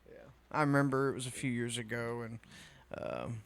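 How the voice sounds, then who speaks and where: A man's voice: mid-range voice, very animated, normal speed, vocal fry, no echo. A man co-hosting a podcast in casual chat, making wry, joking remarks. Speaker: podcast co-host.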